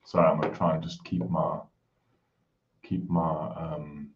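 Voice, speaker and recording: A man with a very low voice chats casually on a home live stream, calling out viewers by name in a friendly, hushed way. The audio is dull and lo-fi. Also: little pitch movement, measured pace. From South Africa. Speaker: livestream host. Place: home room.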